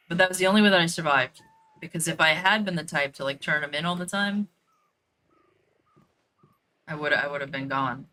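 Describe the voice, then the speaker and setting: A woman's voice: sits low, sharp tone. A woman telling a story in a blunt, profane, casual way while streaming a game, with lots of fillers and repeats.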